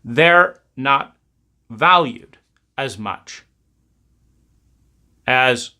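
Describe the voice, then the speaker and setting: A man giving a reflective talk, speaking in slow, emphatic, repetitive cadences. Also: medium pitch, animated, pushed and bright.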